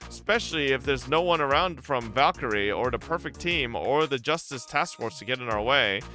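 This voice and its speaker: Man voicing a blunt gang girl from a game, lower and flatter, brushing people off. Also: normal speed, soft background music. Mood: dismissive.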